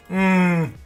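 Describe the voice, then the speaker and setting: A man's voice: high voice, smooth. A man hosting a crypto show, talking in a frustrated, rambling rant full of swearing. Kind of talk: casual livestream rant.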